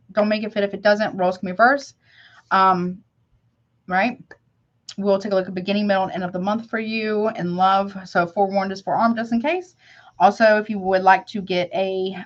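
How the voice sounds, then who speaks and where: A woman reads tarot live in a loose, slangy chat. Her tone is sympathetic and easygoing, with a mid-range pitch. The audio is a little dull and lo-fi. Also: steady tone, normal speed. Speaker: tarot reader.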